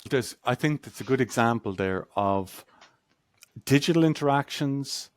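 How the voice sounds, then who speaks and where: A man's voice: mid-range voice, animated, unhurried, dry recording, studio quality. A man as an interview guest, chatting over a video call and telling anecdotes in a conversational way. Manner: storytelling, acts out quoted voices.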